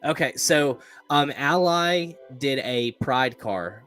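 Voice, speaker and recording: A laid-back man hosts a casual race-reaction podcast, talking in an easy, profane way and laughing often. His pitch sits in an ordinary middle range, with faint music underneath. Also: animated, slow pace, a bit bright, clean tone. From East Tennessee. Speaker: podcast host.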